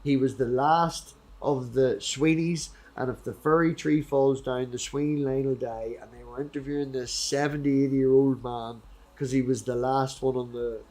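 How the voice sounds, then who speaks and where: A man's voice: medium pitch, fairly even intonation, normal speed, darkish tone. Rambling, foul-mouthed Irish man. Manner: rambling, swears freely, goes off on tangents. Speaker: host. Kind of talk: casual debate chat, reading scripture aloud.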